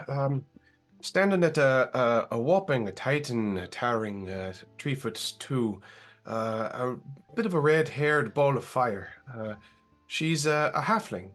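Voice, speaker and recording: A man's voice: medium pitch, lively intonation, normal speed, soft background music. A man playing a tabletop game, describing his character in a playful, theatrical way that corrects itself as it goes. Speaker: player.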